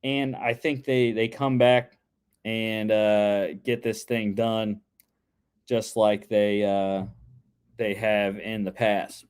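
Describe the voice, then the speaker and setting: A man's voice: on the low side, level tone, takes it slowly, darkish tone, smooth. A young man co-hosting a casual sports podcast, chatting through his football picks with lots of fillers and restarts.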